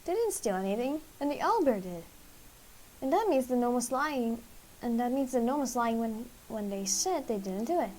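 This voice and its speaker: A woman's voice: on the high side, animated, normal speed, a little mellow, a little hiss or hum, low-quality recording. A woman streamer reading a text game aloud and thinking through its puzzles in a hesitant, musing way.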